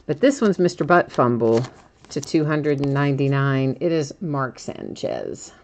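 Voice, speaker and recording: A woman with a notably low voice hosts a live card break stream. She chats easily, teases herself and laughs often while stumbling over hard names. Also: sing-song, unhurried, a little mellow, a little hiss or hum. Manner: chatty and self-teasing, laughs often.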